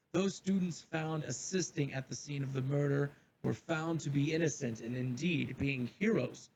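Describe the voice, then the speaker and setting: A man's voice: medium pitch, creaky, darkish tone, lo-fi sound, slight background noise. A man playing a solemn school headmaster. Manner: solemn, measured address. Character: grave male headmaster addressing students. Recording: distant roomy mic with faint ambience.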